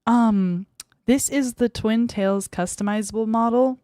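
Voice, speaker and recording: A woman's voice: on the high side, a little slow, warm tone, no room sound, studio quality. A young woman streaming as a VTuber, chatting casually with her viewers in a giggly, bratty way and squealing when they tease her. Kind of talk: casual livestream chat reading viewer messages.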